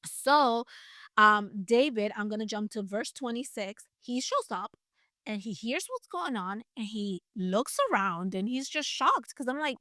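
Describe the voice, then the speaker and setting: A woman's voice: a little high, expressive, unhurried, bright, forceful tone, no room sound, studio quality. A woman retelling a Bible story in a casual, chatty way, with playful asides. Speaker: Bible teacher.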